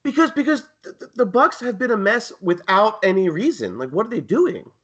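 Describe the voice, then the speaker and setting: A man's voice: high-pitched, very animated, brisk, fairly bright tone, slightly rough. A man co-hosting a casual sports betting chat, riffing with sarcastic jokes. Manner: joking, sarcastic riffs. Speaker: co-host.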